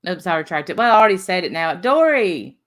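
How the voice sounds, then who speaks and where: Casual woman livestream host, lowish voice, chatty and self-amused. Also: rapid-fire, fairly bright tone, smooth. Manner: chatty, laughs at herself, reads viewer names aloud.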